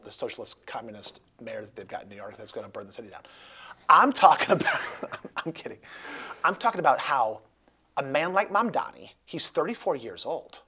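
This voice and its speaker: A man's voice: mid-range voice, a bit bright, breathy edge. A man hosting a casual interview chat, rambling and joking with lots of restarts. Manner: rambling, jokey, many restarts. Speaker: host.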